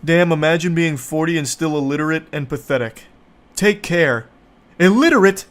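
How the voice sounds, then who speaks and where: A man's voice: fairly high pitch, moderate pace. A man giving comedic commentary as he reads text messages aloud, sarcastic, profane and incredulous. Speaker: online commentator.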